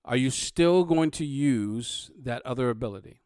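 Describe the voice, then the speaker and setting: Halting, playful game master man. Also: medium pitch, expressive, darkish tone, no echo, clean studio sound. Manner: halting, playful, restarts often. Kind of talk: narrating a tabletop game.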